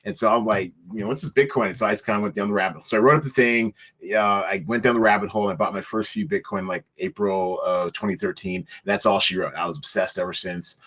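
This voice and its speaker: A man's voice: fairly low pitch, fairly even intonation, fast, a bit bright. A man, a company founder, answering interview questions over a video call in a chatty way, laughing often. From Seattle, United States. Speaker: company founder and CEO, guest.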